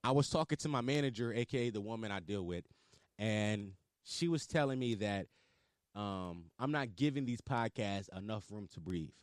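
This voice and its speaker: A man hosting a casual solo podcast, telling stories in a slangy, swearing, animated way and acting out his own hype lines. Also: lowish voice, normal speed, no echo, studio quality. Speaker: podcast host. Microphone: podcast microphone.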